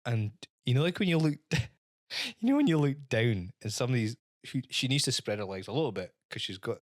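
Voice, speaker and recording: Lively man telling a story. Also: medium pitch, a little fast, no echo, studio quality. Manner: animated storyteller, acts out dialogue, swears casually. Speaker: podcast co-host. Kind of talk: casual chat, anecdote telling.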